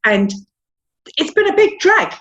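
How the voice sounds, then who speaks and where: A woman's voice: very high voice, sing-song, measured pace, a bit bright, dull audio. A woman with a South London accent, talking frankly and at length as an interview guest, often repeating words and running herself down. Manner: chatty, frank, self-deprecating, repeats words. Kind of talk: candid interview chat.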